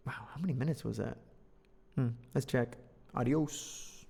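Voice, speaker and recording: A man's voice: mid-range voice, brisk, gravelly, mellow, husky. A man reading a children's story aloud to learners, joking and teasing himself between lines in a playful way. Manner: playful, joking, self-deprecating. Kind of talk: casual read-aloud with commentary. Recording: long reverb.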